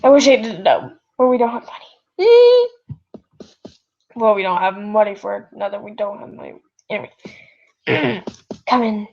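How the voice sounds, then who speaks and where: A woman of medium pitch reads fan fiction expressively at a moderate pace, her voice gravelly and full of pauses. Rambling and apologetic, she keeps breaking off, recorded at home at night on a built-in device mic with lo-fi results.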